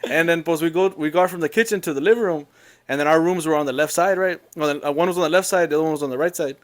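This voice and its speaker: A man telling a long family story in a casual, rambling, animated way. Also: on the high side, rapid-fire.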